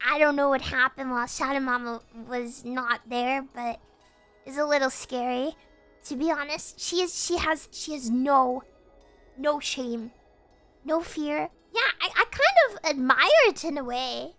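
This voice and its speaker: A high, bright woman's voice telling a story on a stream, quick to laugh and to shriek. She swears freely and keeps the telling animated. Faint music plays underneath.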